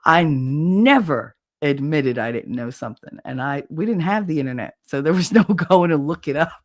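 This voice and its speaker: With a low, animated voice at normal speed, a woman in her forties runs a livestream and chats casually with viewers. She tells crude stories without holding back and laughs often.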